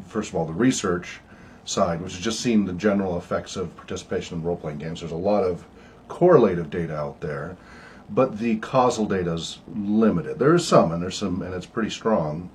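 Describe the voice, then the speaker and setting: Very deep-voiced older man, wheezy. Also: darkish tone, slight background noise. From United States. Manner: halting, many ums and uhs. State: wheezy, coughing from asthma and smoke. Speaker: research project director hosting an online meeting. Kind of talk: casual informative talk.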